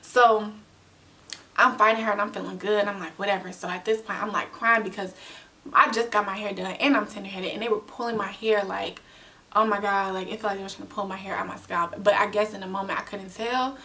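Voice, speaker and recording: A young woman telling a storytime vlog in a casual, animated way, full of slang and acted-out quotes. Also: medium pitch, a little fast, distant mic. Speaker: vlogger.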